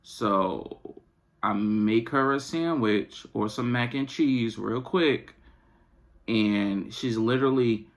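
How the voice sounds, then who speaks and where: A man's voice: mid-range voice, slow pace. A man hosting a podcast, venting in a casual, exasperated, slangy rant. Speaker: podcast host.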